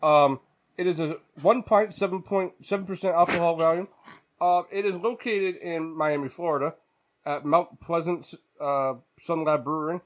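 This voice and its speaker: A man's voice: fairly high pitch, normal speed. A man co-hosting a sports podcast, talking loosely with casual swearing and reading a beer label with many fillers. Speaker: podcast co-host. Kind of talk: casual sports chat over beers.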